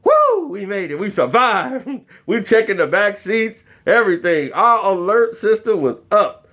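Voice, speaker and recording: A man telling a comedic story in an animated way, acting out the voices of the people in it. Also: high-pitched, a little slow.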